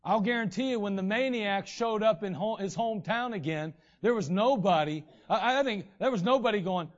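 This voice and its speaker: A man's voice: high-pitched, animated, brisk, few pauses. A man preaching a sermon in a conversational way, acting out the voices of the people he quotes. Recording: dull, lo-fi recording.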